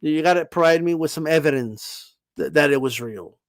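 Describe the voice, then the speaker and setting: A man's voice: a little high, normal speed, no echo. A man hosting a boxing channel, talking in a casual, emphatic monologue. He swears freely, keeps tagging lines with "okay?", and stammers and restarts when he gets heated.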